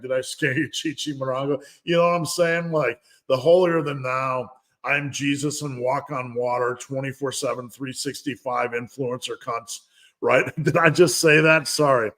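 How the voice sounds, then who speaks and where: A middle-aged man hosts a live fitness Q&A stream, answering viewers in a loose, rambling way. He talks at an ordinary middle pitch and drifts into asides, often laughing at himself. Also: moderate pace, a bit bright. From United States. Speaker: fitness coach and livestream host. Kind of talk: casual livestream Q&A.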